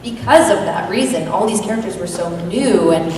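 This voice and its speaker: A woman's voice: animated, normal speed, darkish tone. Earnest woman voice actor, echoey hall. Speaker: voice actor panelist. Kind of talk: convention panel recollection. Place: large convention hall. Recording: echoey hall from far off with rumble.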